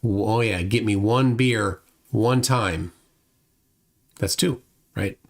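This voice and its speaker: A man's voice: fairly low pitch, slow pace. A middle-aged man hosting a casual livestream, reading chat comments aloud and rambling with frequent restarts. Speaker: livestream host.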